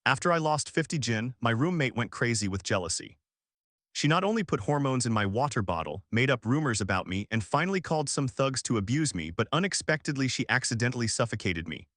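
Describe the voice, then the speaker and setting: A man narrating a storybook with a lively, expressive telling. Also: mid-range voice, brisk, no room sound, clean studio sound.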